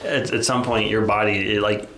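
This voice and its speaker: Speaking at normal speed in a lower, fairly bright voice with fairly even intonation, a podcast co-host shares a personal story. He talks casually and candidly, often restarting and saying "like," over audio with roomy echo and faint noise.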